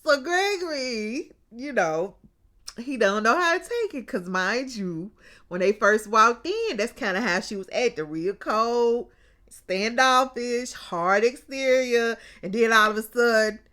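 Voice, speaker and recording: A woman talking through a TV episode in a relaxed, chatty recap. She speaks slowly, and her fairly high voice swings up and down a lot. She laughs often and drops in folksy words like baby and child. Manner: animated, laughs often, drawls out exclamations; colloquial and chatty, calls listeners baby and child.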